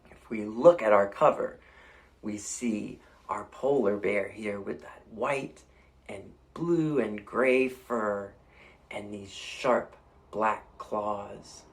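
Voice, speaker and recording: A man reads a picture book aloud to children at storytime, playfully inviting them to make animal sounds with him. He speaks slowly in a lowish voice.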